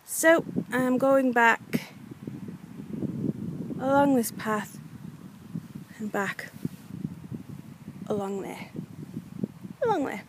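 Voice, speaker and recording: A young woman with a slightly high voice talks casually to a handheld camera as she walks her dog along a clifftop. She sounds frustrated and leans on plenty of fillers. Faint outdoor ambience sits behind her. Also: expressive, takes it slowly, pauses often, background noise. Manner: chatty, frustrated, many fillers. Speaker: vlogger. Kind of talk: casual vlog narration.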